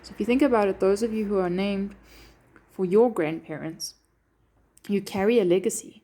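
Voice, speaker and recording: Going through a poem one line at a time, this woman teacher speaks at normal speed in a warm, medium-pitched voice. Her poetry lesson is dotted with frequent "okay"s as she checks in with the class.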